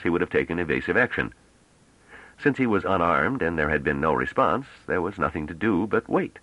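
A man narrating an audiobook in a measured, deliberate way. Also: a bass voice, a bit bright, breathy edge, no room sound, dull audio.

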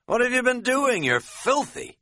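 A man's voice: lowish voice, very animated, normal speed, sharp tone, dry recording, studio quality, full character voice. A man voicing a crude, joking middle-aged male hiker who is folksy and pleased with his own quips, in an audiobook. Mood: teasing.

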